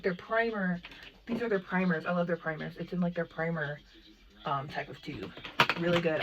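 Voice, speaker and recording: A young adult woman chatting excitedly as a makeup vlogger, full of asides and "like". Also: lowish voice. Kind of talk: casual unboxing chat.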